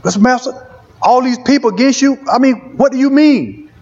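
High-voiced preacher testifying. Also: male voice, moderate pace, a little mellow, lo-fi sound. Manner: rhythmic, repeats phrases for emphasis. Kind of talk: testimony sermon.

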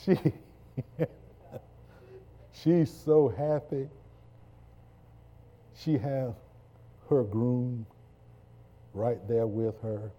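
A man's voice: mid-range voice, drawn-out words, long pauses, mellow. A man preaching a sermon, leading the congregation in call-and-response.

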